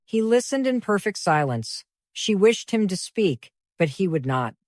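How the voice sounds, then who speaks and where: A woman narrating a classic novel in a measured, even reading voice. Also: mid-range voice, dry recording, clean studio sound.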